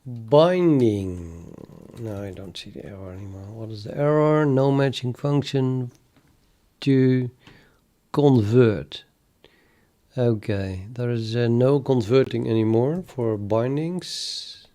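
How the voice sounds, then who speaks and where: This programmer codes live on stream, chatting with his audience while thinking out loud. He has a medium-pitched, dark voice, and his speech comes out halting and muttered, often fading before a sentence ends.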